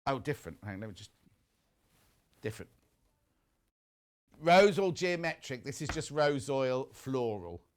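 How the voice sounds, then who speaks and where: A man's voice: medium pitch, measured pace, long pauses, a little hiss or hum. A middle-aged man presenting a shopping channel, chatting and reading out viewer messages in a gossipy way. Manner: lively, gossipy, reads viewer messages aloud. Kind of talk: chatty live TV selling. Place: TV studio.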